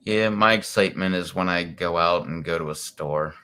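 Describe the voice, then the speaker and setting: A man's voice: low-pitched, moderate pace, pushed and bright, clear, resonant tone. A man hosting a livestream, chatting easily and saying "like" constantly. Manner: easygoing, filler-heavy, says "like" constantly. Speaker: livestream host. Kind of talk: casual late-night chat.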